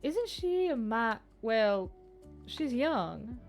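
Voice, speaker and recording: A woman's voice: a little high, big pitch swings, very slow, soft background music, voice pushed up, exaggerated voice. A woman doing a brash, drawling young chief surveyor. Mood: upbeat. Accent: British received pronunciation put on. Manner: drawling, blunt, swearing.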